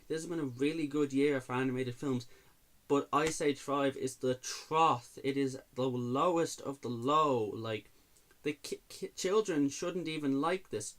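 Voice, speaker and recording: A man reviewing films in an exasperated, sarcastic rant, swearing freely. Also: mid-range voice. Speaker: movie reviewer. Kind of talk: ranting movie review.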